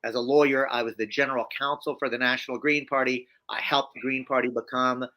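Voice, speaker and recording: A man, a guest in a conversational interview, telling his story in an animated, emphatic way with frequent restarts and repeated phrases. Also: medium pitch, fast.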